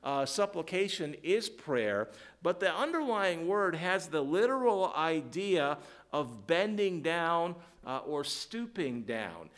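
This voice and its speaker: A man preaching a sermon, halting with fillers and restarts, then rising to fervent emphasis when quoting scripture. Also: fairly high pitch, very animated, fairly bright tone.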